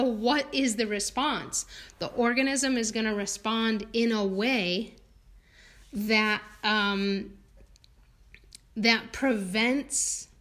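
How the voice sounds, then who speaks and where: A woman's voice: mid-range voice, a bit bright. A woman, a homeopath, talking casually and chattily, with many fillers and restarts, and laughing now and then. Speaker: homeopath and podcast guest. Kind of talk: casual conversational talk.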